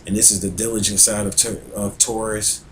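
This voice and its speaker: A man's voice: on the low side, flat delivery, brisk, fairly bright tone, a little hiss or hum, rough recording. A man talking casually about astrology as an astrologer, rambling and conversational, with plenty of fillers and restarts. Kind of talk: casual spoken talk on astrology.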